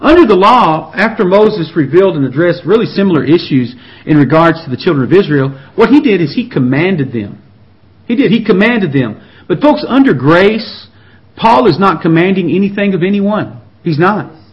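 A man's voice: high-pitched, big pitch swings, normal speed. A man preaching a sermon in an earnest, pleading way, often repeating and restarting his words. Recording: dull lo-fi recording.

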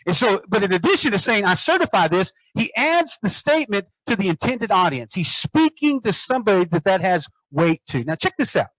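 A man's voice: high voice, big pitch swings, a little fast, hardly any pauses, fairly bright tone, no echo. A man preaching a sermon, emphatic, repeating phrases and asking the congregation questions. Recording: muffled dry recording.

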